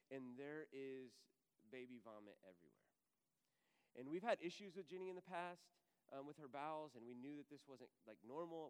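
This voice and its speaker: A man's voice: mid-range voice, clear, resonant tone, big-room sound. A man in his thirties preaching a sermon, telling a personal story and acting out the voices of the people in it. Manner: animated storyteller, acts out voices in quotes. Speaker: pastor.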